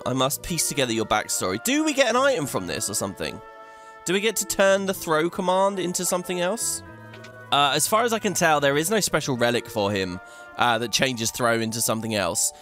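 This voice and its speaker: A man's voice: medium pitch, fairly bright tone. A man hosting a video game playthrough, chatting away and thinking aloud as he plays, laughing often. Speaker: let's play host.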